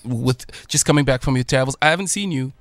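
A man's voice: mid-range voice, fast, no echo, faint music behind. A man hosting a live radio show, chatty and affirming as he talks with his studio guest. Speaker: radio host. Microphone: studio microphone.

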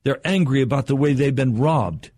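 Husky-voiced older man preaching. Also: medium pitch, darkish tone, dry recording. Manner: earnest, measured preaching with slow emphatic pauses. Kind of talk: sermon.

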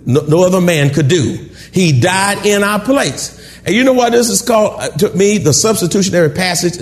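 A man preaching a sermon, calling out questions to the congregation and building up to shouts. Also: high-pitched. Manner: call-and-response preaching, rising to shouts. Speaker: pastor.

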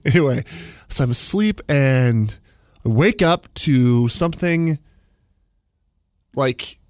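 Animated man recounting a dream. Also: medium pitch, dry recording, clean studio sound. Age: 40s. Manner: animated, laughing, lots of fillers. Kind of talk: casual storytelling. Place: studio.

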